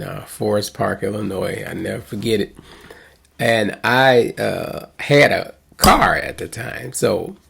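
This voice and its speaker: A man's voice: lowish voice, gravelly, slightly rough. A middle-aged man, a pastor, casually telling a rambling story with chuckles and restarts. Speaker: pastor and host.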